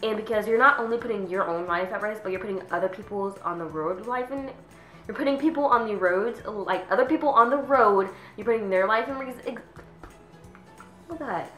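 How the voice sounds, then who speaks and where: A teenage girl venting about her pet peeves in a casual vlog, chatty, with lots of "like", sometimes mimicking people in a higher voice. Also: brisk, fairly bright tone, roomy sound, faint music behind, poor audio. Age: teens. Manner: chatty, says "like" constantly, acts out quoted people in a higher voice. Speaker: vlogger.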